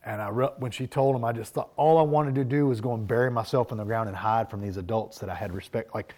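A man's voice: mid-range voice, fast talker, darkish tone. A man preaching a sermon, telling personal stories in an earnest, reflective way. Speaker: pastor.

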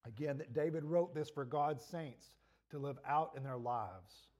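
A man's voice: fairly high pitch, a little mellow. Man, pastor, sermon, earnest, rising and falling intensity, scratchy throat. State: throat trouble.

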